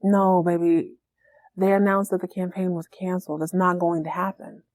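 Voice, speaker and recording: A woman voicing a smug, sleazy older businessman who talks smoothly and dismissively. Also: fairly low pitch, level tone, normal speed, a little mellow, lightly acted.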